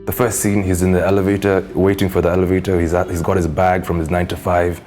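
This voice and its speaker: A young man from East Africa, a guest in a casual interview, telling a story in an animated way and acting out the voices of its characters. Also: sits low, fast talker, music in the background. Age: young adult.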